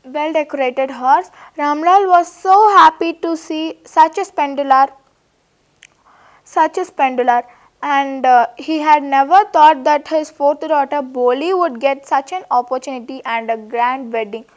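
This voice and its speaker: High-voiced woman teacher. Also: unhurried. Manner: hesitant, repeats and restarts while paraphrasing. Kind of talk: reading and explaining a story lesson.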